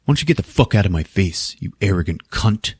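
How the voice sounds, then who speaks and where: A man's voice: low-pitched, expressive, brisk, breathy edge, no echo, studio quality, exaggerated voice. A man doing a sleazy leering party guest.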